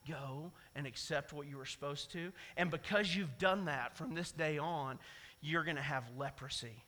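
A stern old prophet, firm and calm, as a preacher puts him on, dropping his bright high voice into a low, hushed rebuke. The long reverb of a church sanctuary trails each word. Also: moderate pace. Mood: rebuking.

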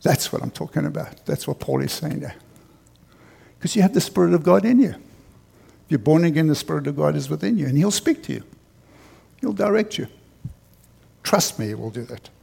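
A man's voice: fairly high pitch, gravelly, warm tone, husky. A middle-aged man preaching a sermon as pastor, telling a personal story earnestly and repeating key phrases for emphasis. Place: church.

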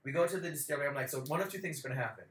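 A young man spins a rowdy story as a podcast co-host, cursing freely and slipping into the voices of the people he met. His voice sits a bit high and sounds bright and forceful. The room is noticeably echoey. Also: rapid-fire. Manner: animated, profane, acts out quoted voices. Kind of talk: casual storytelling chat. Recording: roomy echo.

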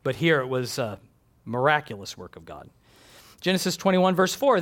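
A man preaching an expository sermon, reading scripture and building emphatic, animated lists. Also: medium pitch, moderate pace.

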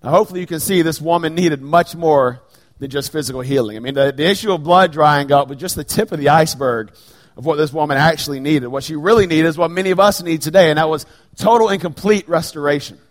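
A middle-aged man preaching a sermon in a church sanctuary, dropping to hushed, slow lines and then rising to loud, raised bursts. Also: fairly high pitch. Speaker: pastor. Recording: long reverb of a large hall.

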